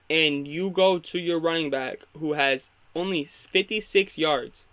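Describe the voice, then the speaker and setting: A young man talks through a college football game as it plays, rambling and opinionated. His bright, slightly high voice climbs and gets louder as he calls out a bad coaching choice. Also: clear, resonant tone. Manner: opinionated, rambling, fired up when critiquing. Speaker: sports talk host. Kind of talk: casual live football reaction.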